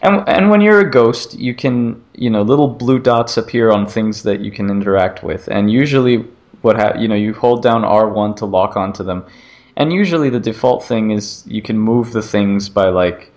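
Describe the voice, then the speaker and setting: A man co-hosting a casual gaming podcast, rambling through an animated retelling of a game demo. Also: on the low side, moderate pace. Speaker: podcast co-host.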